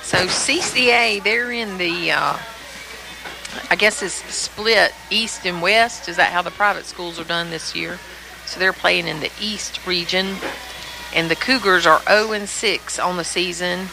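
A woman's voice: fairly low pitch, unhurried, creaky, over music. A woman on a sports talk panel, laying out her picks in a methodical, analytical way. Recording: noisy room ambience.

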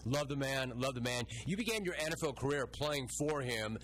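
A man's voice: medium pitch, animated, a little fast, a bit bright, slight background noise. A man hosting a sports interview, enthusiastic and emphatic, often repeating himself for stress. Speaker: sports show host.

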